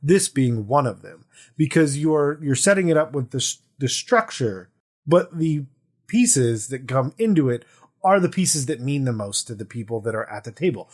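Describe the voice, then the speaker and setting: Male podcast co-host, animated pitch, playful storyteller, casual chat. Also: moderate pace.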